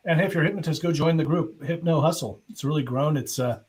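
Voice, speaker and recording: A man with a fairly high voice hosts a live online hypnosis show over a video call. He thinks aloud, chats casually, and reads out questions from viewers. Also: fast, darkish tone, husky. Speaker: host hypnotist. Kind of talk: casual live-stream chat.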